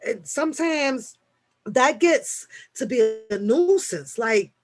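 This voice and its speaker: A woman's voice: on the high side, takes it slowly. A woman hosting a casual late-night live chat, answering viewers loosely, swearing freely and restarting her sentences often. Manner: animated, swearing, frequent fillers and restarts.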